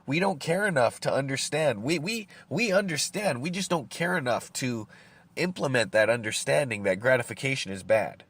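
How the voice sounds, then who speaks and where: A man in the middle of a long solo rant on his podcast, cursing freely and circling back over his own words. He doubles up words as he searches for the next thought. His voice sits at an ordinary middle pitch while he smokes and sips coffee. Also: animated, normal speed, fairly bright tone. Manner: rambling, profane, repeats words while thinking; smoking and drinking coffee while talking. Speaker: podcast host.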